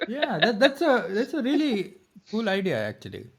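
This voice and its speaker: Male co-host, raised pitch, hesitant and chatty, lots of false starts. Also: huge pitch swings, normal speed, breathy edge. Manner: hesitant, many restarts and laughs. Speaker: podcast co-host. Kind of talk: casual live-stream chat.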